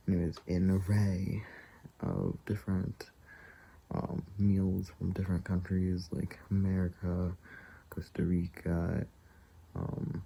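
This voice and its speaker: A man's voice: deep voice, creaky, mellow, slight background noise, rough recording. A man telling a story to camera in a casual, rambling way, with hesitations and asides. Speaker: vlogger.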